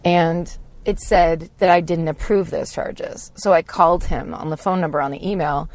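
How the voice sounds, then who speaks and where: A woman's voice: low voice, normal speed, dry recording. A woman co-hosting a podcast, chatting casually and acting out voices as she tells stories from a moving car. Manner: animated storytelling, acting out voices. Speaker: podcast co-host. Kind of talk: casual chat.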